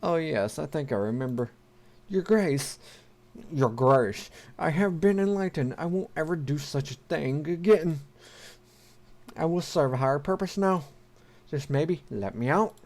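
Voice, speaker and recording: A man's voice: a little high, expressive, measured pace, darkish tone. A man voicing a sly male prisoner pleading piously to be released. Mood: wheedling. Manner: wheedling, mock-pious. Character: sly male prisoner feigning religious conversion.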